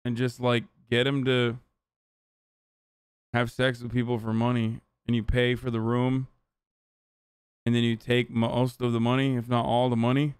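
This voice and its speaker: A man's voice: mid-range voice, little pitch movement, normal speed, pauses often, clear, resonant tone, no echo, clean studio sound. A man streaming a reaction to a video, cutting in with incredulous, profane comments.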